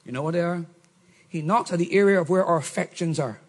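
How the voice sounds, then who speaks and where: A middle-aged man preaching a sermon, swinging from shouts to low murmurs. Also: fast. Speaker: pastor.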